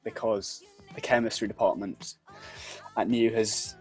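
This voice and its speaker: A man's voice: fairly low pitch, little pitch movement, unhurried, a little mellow, faint music behind. A young man co-hosting a podcast in casual chat, speaking hesitantly. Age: young adult. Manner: hesitant, with filler-heavy restarts. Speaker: podcast co-host.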